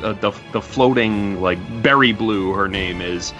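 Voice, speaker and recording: A man co-hosting a podcast, talking through a film in an animated, casual way with lots of filler words. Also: fairly low pitch, unhurried, dull audio, soft background music. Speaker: podcast co-host.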